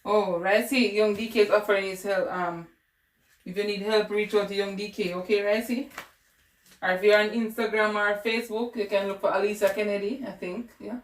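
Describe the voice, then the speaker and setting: A woman's voice: medium pitch, fairly even intonation, brisk, reverberant. A woman with a Caribbean English accent tutoring math on a casual livestream, chatting with viewers as she works through problems. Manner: chatty, talks to viewers and answers chat.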